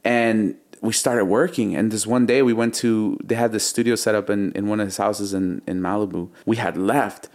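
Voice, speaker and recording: Man, lower register, laid-back interview guest who hums beats and acts out quotes. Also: normal speed, few pauses. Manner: animated, imitates beats and quotes others. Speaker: music producer guest. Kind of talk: casual storytelling interview.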